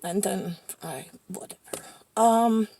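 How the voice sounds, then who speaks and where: Gravelly-voiced woman rambling on. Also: medium pitch, takes it slowly, dark tone, slight background noise. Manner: rambling, laughs at own remarks. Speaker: vlogger. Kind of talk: rambling monologue.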